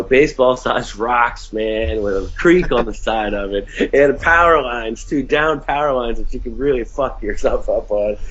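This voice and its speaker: A man telling a long story as a podcast guest, rambling and profane, full of fillers, and raising his voice when he plays other people. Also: mid-range voice. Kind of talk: casual storytelling. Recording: slightly dull lo-fi sound.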